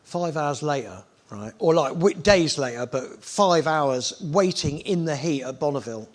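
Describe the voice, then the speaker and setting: Guy telling a wild story, high voice, all over the place, swears a lot. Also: unhurried. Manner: animated, sweary, acts out other people's lines. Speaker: TV presenter telling stories. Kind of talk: casual storytelling chat.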